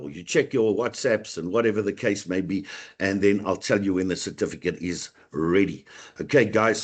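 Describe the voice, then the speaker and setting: A man with a South African accent, a teacher running a live online lesson, upbeat and chatty as he greets students by name. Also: on the low side. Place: online video meeting.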